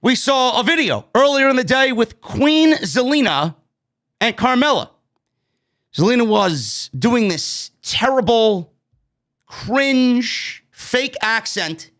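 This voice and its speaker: A high, bright-toned man talking through a wrestling show review. He is blunt and profane, and he sounds openly exasperated with choices he doesn't like. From New York. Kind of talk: casual opinionated review.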